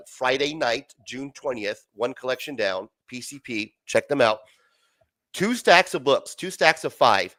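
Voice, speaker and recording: A man co-hosting a casual comic book stream, loose and excitable, swearing freely as he shows off issues over a video call. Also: mid-range voice. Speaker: co-host showing comic books.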